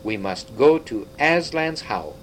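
A man reading an audiobook, voicing an excitable old half-dwarf scholar who lectures briskly. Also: mid-range voice, slight background noise, lightly acted, rough recording. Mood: explaining.

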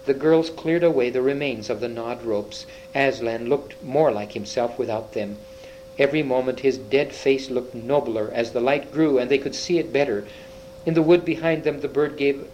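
A man's voice: medium pitch, darkish tone, slight background noise, rough recording. A man reading a children's fantasy book aloud, with small slips and restarts. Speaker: reader.

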